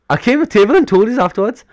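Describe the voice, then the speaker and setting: A young man co-hosting a podcast, telling long stories in a casual chat and acting out what others said, laughing often. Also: high voice. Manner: rambling storyteller, acts out quotes, laughs often. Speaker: podcast co-host.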